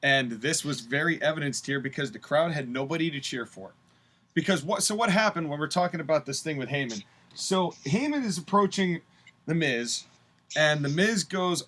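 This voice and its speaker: Opinionated man, slightly high voice. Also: normal speed. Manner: opinionated, animated storytelling. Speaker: podcast co-host. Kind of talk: casual chat.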